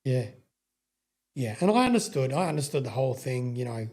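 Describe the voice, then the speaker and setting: A middle-aged man with an Australian accent spins long, rambling stories in casual talk. His voice is husky and darkly mellow, and he swears freely and stumbles back over his own sentences. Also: medium pitch, sing-song, a little fast. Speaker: guest, sprintcar racing veteran. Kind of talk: casual storytelling interview.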